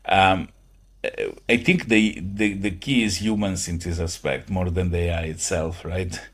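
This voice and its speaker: Low-voiced man, halting speech. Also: steady tone. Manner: halting, many fillers, non-native phrasing. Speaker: guest. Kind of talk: conversational interview.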